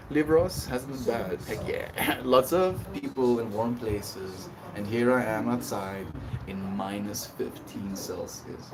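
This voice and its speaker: A man's voice: on the low side, distant mic. A man livestreaming, chatting casually and laughing as he reads and answers messages from his chat. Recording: voice a bit off-mic with clear background noise.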